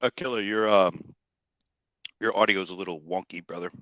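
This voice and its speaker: A man co-hosting a podcast over a remote call, explaining his views in a measured way. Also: low voice, steady tone, bright, forceful tone, no echo. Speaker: podcast co-host. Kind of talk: casual chat. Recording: dull lo-fi call audio.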